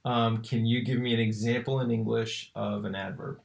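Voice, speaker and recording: A man teaching Latin grammar in a relaxed tutorial, often checking in with "right?" and "okay?". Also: mid-range voice, moderate pace, gravelly. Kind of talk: tutorial walking through a screen lesson.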